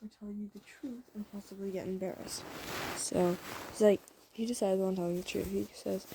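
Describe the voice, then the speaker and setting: A woman's voice: medium pitch, fairly even intonation, moderate pace, background noise. A woman casually telling a fan story to the listener. She rambles, uses many fillers, and keeps restarting her sentences.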